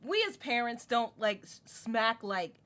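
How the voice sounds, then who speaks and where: A woman's voice: on the high side, expressive, a little slow, a loud crowd. A woman in her thirties hosting a podcast, putting questions to guests and laughing along. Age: 30s. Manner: asks questions, laughs often. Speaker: podcast host. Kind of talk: casual chat.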